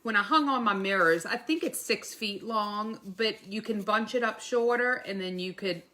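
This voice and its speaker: A woman from Louisiana with a Louisiana accent, a guest friend chatting casually and relaxed on a livestream. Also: mid-range voice, moderate pace. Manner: relaxed, agreeable side comments. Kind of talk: casual chat.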